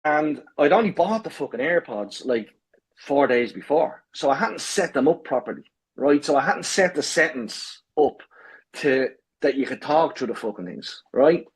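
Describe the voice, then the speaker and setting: A man spins a tale with loud, animated energy, swearing as he goes. His voice sits a touch high for a man and carries a husky edge. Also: moderate pace. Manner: animated, swears a lot, acts out shouting. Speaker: podcast guest. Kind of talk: casual storytelling.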